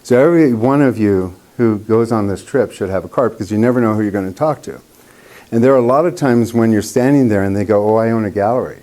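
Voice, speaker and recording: A painting instructor leads a casual workshop for a group of painters, telling stories chattily and acting out the voices of the people he quotes. His voice is fairly low and mellow, and he talks a little fast.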